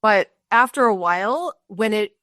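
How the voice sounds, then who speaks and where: A woman's voice: medium pitch, lively intonation, moderate pace, a bit bright, dry recording, clean studio sound. A woman co-hosting a podcast, speaking empathetically and sharing her own experience in casual chat. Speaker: podcast host.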